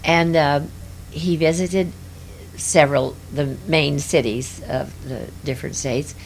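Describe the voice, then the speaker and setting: A woman's voice: deep voice, steady tone, slow pace, creaky, slight background noise. An older woman reminiscing in an interview, rambling and hesitant with many fillers.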